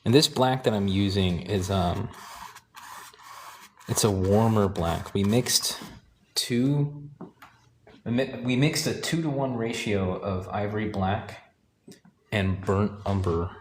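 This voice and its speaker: A man teaching painting, talking calmly and thinking aloud while he works, sometimes correcting himself. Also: lowish voice, slow, pauses often, slight background noise. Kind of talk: live painting demonstration.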